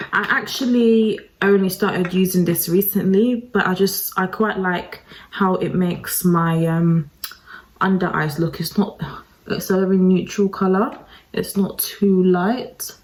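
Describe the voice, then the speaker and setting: Slow-talking woman doing a makeup tutorial. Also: lowish voice, darkish tone, a little hiss or hum, low-quality recording. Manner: chatty, self-deprecating, talks to viewers as guys and babes. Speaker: beauty vlogger. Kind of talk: casual makeup tutorial talk.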